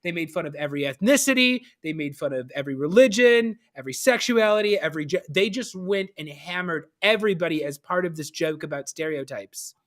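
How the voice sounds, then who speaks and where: A man hosting a casual live-stream conversation, telling stories with a lively comic delivery. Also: on the high side, a little fast, hardly any pauses. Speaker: host.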